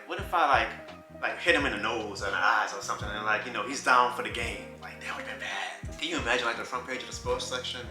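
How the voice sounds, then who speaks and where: A man in his thirties telling a personal story in a casual vlog, animated and often laughing. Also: mid-range voice. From New Orleans. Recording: roomy with faint music.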